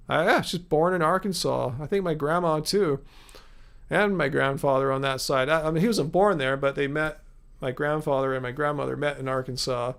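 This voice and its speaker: A man's voice: on the high side, creaky, a bit bright. A man hosting a live viewer Q&A, talking in an easygoing, rambling way with lots of fillers. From Los Angeles, USA. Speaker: livestream host. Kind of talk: casual live Q&A.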